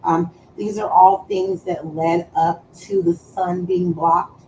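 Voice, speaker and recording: A woman's voice: on the low side, fairly even intonation, takes it slowly, vocal fry, darkish tone, slight background noise, low-quality recording. A woman streaming live, chatting casually in a profane, teasing way and drawing out words for emphasis.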